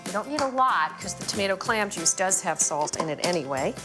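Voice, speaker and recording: A woman's voice: medium pitch, lively intonation, fairly quick, over music. A woman TV chef hosting a cooking show, explaining each step in a chatty, enthusiastic way from a studio kitchen on a lapel mic. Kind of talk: cooking demonstration.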